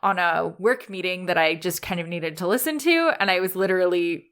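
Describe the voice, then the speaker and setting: A woman co-hosting a casual podcast, chatting in a relaxed way with frequent fillers. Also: fairly low pitch, a little fast, smooth. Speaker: podcast co-host. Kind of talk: casual podcast chat and read sponsor message.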